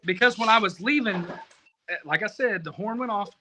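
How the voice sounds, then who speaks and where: A man telling a rambling, profane story in casual podcast talk, animated and self-mocking. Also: high voice, fairly quick, a little hiss or hum, poor audio. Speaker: competition barbecue cook, podcast guest.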